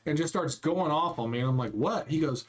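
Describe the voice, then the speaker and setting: A young man co-hosting a casual podcast chat, telling stories with lively acted-out quotes. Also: a little high, fast. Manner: animated storyteller acting out quotes. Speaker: podcast co-host.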